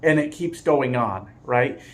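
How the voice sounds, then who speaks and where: A man's voice: mid-range voice, measured pace. Middle-aged man telling a road story. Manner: animated storytelling, chuckles, talks to viewers. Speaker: truck driver vlogger. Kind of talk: casual storytelling vlog.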